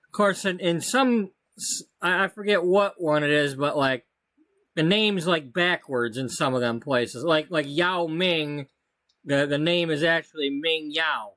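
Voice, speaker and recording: A man's voice: on the high side, unhurried, fairly bright tone, no room sound. A man giving casual, rambling commentary as he plays a life-sim game. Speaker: let's play host.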